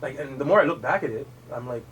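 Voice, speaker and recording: A man's voice: mid-range voice, fast, slight background noise. A man co-hosting a podcast, telling a personal story in casual chat, with lots of fillers and laughter. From Canada. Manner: animated storytelling, laughs often, many fillers. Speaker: podcast co-host. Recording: distant mic, chatter of others.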